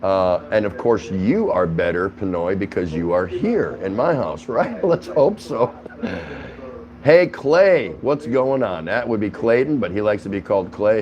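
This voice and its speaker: A man with a fairly low voice chats casually with his livestream audience from home. He greets viewers by name, reacts to their comments and laughs easily as he talks. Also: lively intonation, measured pace, darkish tone, muffled recording. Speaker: livestream host.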